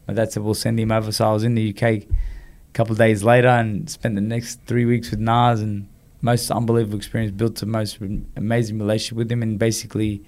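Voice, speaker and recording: A man's voice: fairly low pitch, quick pace, hardly any pauses. An Australian man as an interview guest, telling stories casually and acting out the dialogue, with many "you know"s. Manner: animated, acts out quoted dialogue, frequent "you know". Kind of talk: casual storytelling in conversation.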